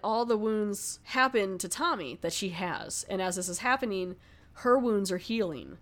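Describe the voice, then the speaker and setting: A woman's voice: medium pitch, animated, moderate pace, fairly bright tone. A woman casually retelling a horror film's plot as a movie reviewer, rambling and filling with "like" as she goes. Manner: rambling, filler-heavy storytelling with frequent "like". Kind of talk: casual spoken film recap.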